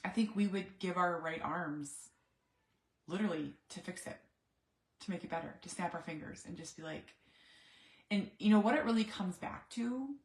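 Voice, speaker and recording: Middle-aged mom talking to camera, lowish voice, lots of restarts, echoey room. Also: female voice, moderate pace. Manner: reflective, searching for words, many restarts. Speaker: mother of an autistic son. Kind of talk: candid personal vlog.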